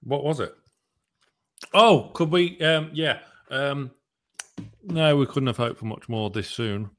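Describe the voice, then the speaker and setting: A man's voice: medium pitch, slow, a bit bright. A young man hosting a football podcast, chatty and playful, hesitating with lots of ums. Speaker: podcast host. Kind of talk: casual chat and interview hosting.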